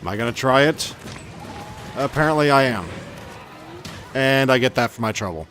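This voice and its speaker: A man's voice: medium pitch, expressive, normal speed, long pauses, fairly bright tone, soft background music. A man giving casual gameplay commentary as a channel host, chatty and self-mocking with grumbling asides.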